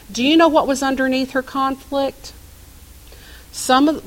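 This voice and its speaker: Slow-speaking woman minister preaching. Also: mid-range voice, a bit bright, rough recording. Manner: storytelling, asks the congregation questions. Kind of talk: sermon.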